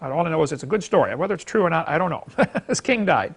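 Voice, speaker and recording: Gravelly man giving a folksy lecture. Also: fairly high pitch, animated, fast. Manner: folksy and emphatic, chuckles, acts out quoted speech. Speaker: Bible teacher. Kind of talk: classroom lecture to a live audience.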